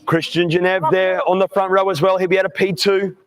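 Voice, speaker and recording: A man's voice: sits high, flat delivery, fairly quick. A man interviewing young drivers on the grid at a night kart race, upbeat and chummy. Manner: upbeat, chummy, calls everyone mate. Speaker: grid announcer.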